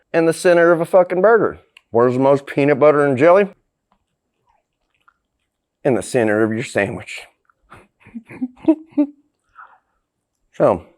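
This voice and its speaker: Low-voiced guy doing a crude cooking bit, swears constantly, cackles. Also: darkish tone. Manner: profane, brash, laughs a lot. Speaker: host. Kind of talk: crude comedic cooking vlog.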